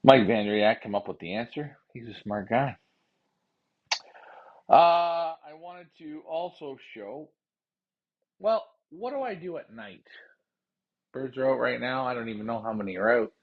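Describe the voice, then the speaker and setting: Man, casual livestream host, profane repetitive venting, middle pitch, muffled lo-fi sound. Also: a little slow, long pauses. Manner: heated ranting, repetitive, profane; calm explaining while handling pigeons. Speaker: pigeon racing show host.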